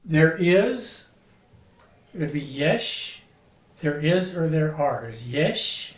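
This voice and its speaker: A man teaching a Hebrew vocabulary lesson, patiently giving each word, its meaning and where the stress falls. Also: on the high side. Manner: slow, patient, spells out words and stresses. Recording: roomy sound from a distant mic.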